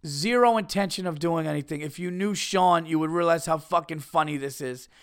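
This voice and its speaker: Podcast guy with a high gravelly voice, swearing and cracking himself up while telling a story. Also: a little fast. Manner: profane, rambling storyteller who laughs at his own tale. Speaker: podcast host. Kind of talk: casual storytelling.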